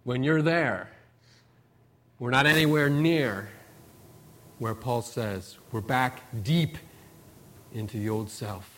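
Middle-aged guy pastor, chatty sermon, folksy stories, punches words then trails off quiet. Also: medium pitch, takes it slowly, long pauses. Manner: folksy storytelling, rising emphasis then trailing off softly. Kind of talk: conversational sermon.

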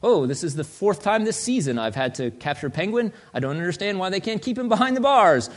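A man voicing a calm, unbothered male superhero who stays measured and matter-of-fact. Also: high voice. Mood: weary calm. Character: calm unflappable male superhero, always cool.

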